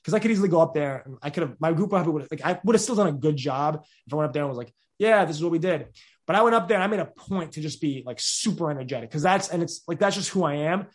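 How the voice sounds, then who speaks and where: A young man talks very fast, piling up restarts as he rambles through his answers. His voice sits a little high and carries constant energy. The talk is a casual, open interview. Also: expressive. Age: 20s. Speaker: podcast host being interviewed.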